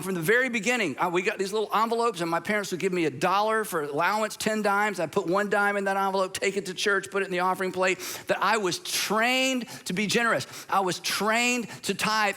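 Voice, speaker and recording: Man, sixties, sermon, conversational storytelling, high-pitched. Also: bright, forceful tone. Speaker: pastor.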